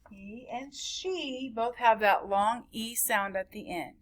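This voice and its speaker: Slow, sing-song woman teaching phonics. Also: on the high side. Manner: slow, sing-song, stretching out sounds for young learners. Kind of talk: recorded phonics lesson for children. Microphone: camera recording at a desk.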